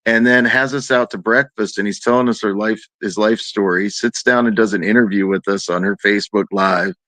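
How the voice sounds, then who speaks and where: Animated man telling a story, dry close mic. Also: a little fast, no echo. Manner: animated, acts out quoted voices in a higher pitch. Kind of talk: casual storytelling.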